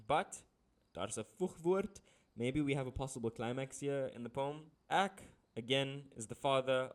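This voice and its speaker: A man, teaching a poem analysis lesson in an explanatory way with deadpan asides. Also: medium pitch.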